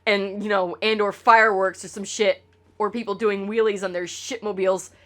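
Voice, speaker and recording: A woman's voice: mid-range voice, fairly even intonation, moderate pace, a bit bright. A woman streamer talking casually to her chat, rambling and swearing with lots of stammered restarts.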